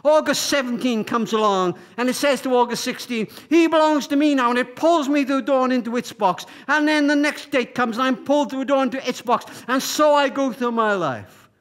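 High-voiced man telling a story. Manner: warm, halting with repeated words. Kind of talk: storytelling to an audience.

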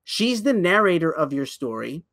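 A man with a slightly high voice talks at a moderate pace while co-hosting a casual podcast. Eager to recount a show, he trips over his own words, jumping ahead and doubling back mid-sentence, an animated storyteller who restarts often.

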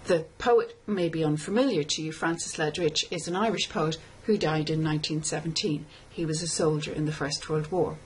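Woman, lecturer, lowish voice, measured scripted tutorial, faint hiss behind. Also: low-quality recording. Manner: measured, explanatory, reads poem aloud slowly. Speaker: literature lecturer.

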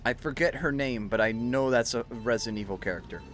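A man's voice: medium pitch, brisk, a bit bright, faint music behind. A young adult man streaming, chatting casually while gaming, rambling with lots of fillers and swearing freely.

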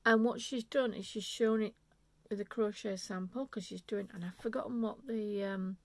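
A woman's voice: mid-range voice, steady tone, normal speed, no echo. A woman, chatting enthusiastically and rambling as she shows off yarn in an unscripted knitting vlog. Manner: enthusiastic, rambling, self-interrupting. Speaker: knitting vlogger.

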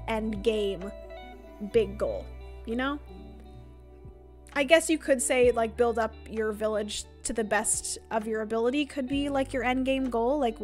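A young woman chatting casually on a livestream, explaining a solo board game at her table, with lots of fillers and asides. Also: fairly high pitch. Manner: chatty, filler-heavy, reads and answers chat.

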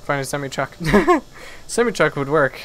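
A man streaming a video game live, chatting with viewers and reacting excitedly and goofily to the play. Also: fairly high pitch, unhurried. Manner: excitable, goofy, talks to chat. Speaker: gaming streamer. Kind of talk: live gameplay commentary.

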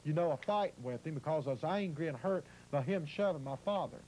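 A man's voice: on the high side, expressive, fairly quick, darkish tone, slight background noise, low-quality recording. A man with an Appalachian accent telling his own story in a rambling way, acting out what others said. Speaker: interviewee. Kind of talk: emotional first-person storytelling.

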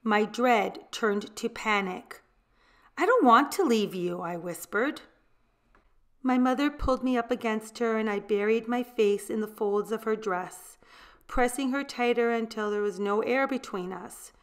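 Slow, higher-voiced woman reading a storybook. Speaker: storybook reader. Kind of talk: reading a picture book aloud.

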